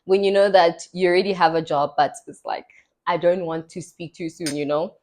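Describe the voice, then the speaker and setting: A woman's voice: fairly low pitch, moderate pace, a little mellow, slight background noise. A young woman, hosting a podcast and telling stories in casual chat, acting out the voices she quotes. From South Africa. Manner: chatty storytelling, acts out quoted voices. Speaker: podcast host.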